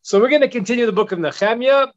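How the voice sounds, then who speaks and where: A middle-aged man, a rabbi, teaching a Bible class in a relaxed, conversational way with many restarts and asides. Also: extremely high pitch, very fast, no echo. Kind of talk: casual teaching talk. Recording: dull lo-fi sound.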